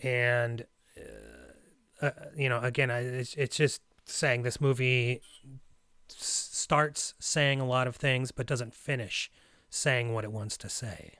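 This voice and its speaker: A man from Russia talks through a film in a loose, analytical way, filling pauses with "um" and "you know" and restarting his sentences. His voice sits at an ordinary pitch, recorded dry and close. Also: expressive, vocal fry, fairly bright tone, no echo. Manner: rambling, analytical, many fillers and restarts. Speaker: podcast co-host, movie reviewer. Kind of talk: casual movie discussion.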